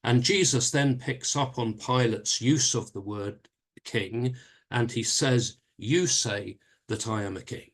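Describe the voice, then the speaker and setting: Man leading a Bible study. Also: medium pitch. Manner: measured explaining with frequent fillers and restarts. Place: church.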